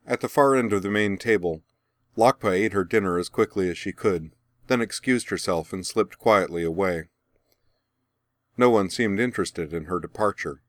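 Man, narrator, audiobook, calm, deep voice, dry studio sound. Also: normal speed, no room sound.

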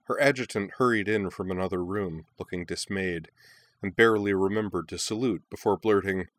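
Male audiobook narrator, very low voice, steady reading, dry booth sound. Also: moderate pace, no echo. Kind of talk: scripted story narration.

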